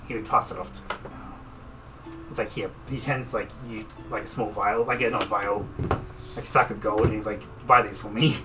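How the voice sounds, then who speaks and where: A man's voice: on the low side, steady tone, moderate pace, long pauses, over music. A man with a British accent narrating as dungeon master, laughing often and rambling loosely. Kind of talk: narrating a tabletop game. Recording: distant mic with background noise.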